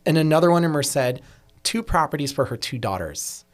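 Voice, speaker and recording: A man's voice: a little high, moderate pace. Male attorney guest, candid storyteller with occasional profanity, who slips into quoted voices mid-story. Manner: frank, animated, acts out quoted dialogue, occasional profanity. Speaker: estate planning attorney, podcast guest. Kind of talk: casual interview storytelling.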